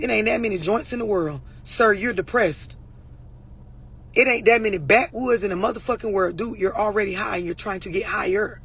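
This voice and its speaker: A woman's voice: mid-range voice, brisk, a bit bright, slight background noise. A woman relationship coach talking straight to her viewers, blunt, profane and preachy. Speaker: relationship and mental health coach. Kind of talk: unscripted talk to camera.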